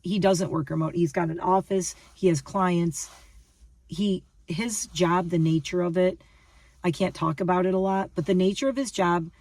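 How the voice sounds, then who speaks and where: Here a woman in her fifties, a lifestyle vlogger, delivers a loose, chatty monologue to her viewers. She is emphatic and repetitive, frequently restarting sentences, with a lowish, steady, slightly mellow voice at normal speed, caught dry but from a distance.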